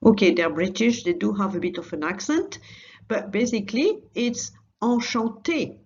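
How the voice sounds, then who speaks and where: A woman's voice: medium pitch, animated, normal speed, muffled recording. A woman teaching a recorded language lesson, patiently repeating phrases for learners.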